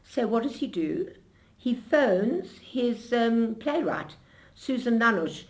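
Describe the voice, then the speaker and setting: An older woman being interviewed, telling her memories in an animated storytelling way with frequent restarts. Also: on the high side, takes it slowly.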